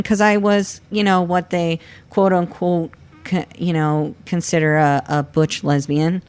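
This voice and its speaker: A man in his thirties from Florida, telling his own story in an interview with a candid, halting manner. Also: on the high side, flat delivery, a little mellow, clean tone. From Florida, United States. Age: 30s. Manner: candid, halting, with many restarts and fillers. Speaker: guest. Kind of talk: personal interview.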